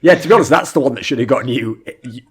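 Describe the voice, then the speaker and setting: A young man co-hosting a casual esports podcast, brash and profane, telling animated stories. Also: mid-range voice, racing, husky. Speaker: podcast co-host.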